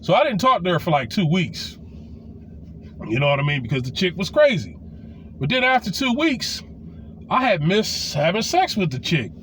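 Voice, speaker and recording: Guy in his 40s spinning a raunchy storytime, high voice that jumps all over, cussing and um-ing, a little hiss behind. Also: normal speed, long pauses. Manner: animated, profane, loose with fillers and restarts. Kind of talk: casual storytime monologue.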